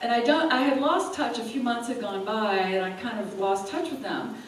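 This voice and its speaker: Woman, animated storyteller at a live talk; distant mic, echoey hall. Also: on the high side, moderate pace. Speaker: spiritual teacher and speaker. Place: event hall. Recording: echoey hall, from far off, faint room noise.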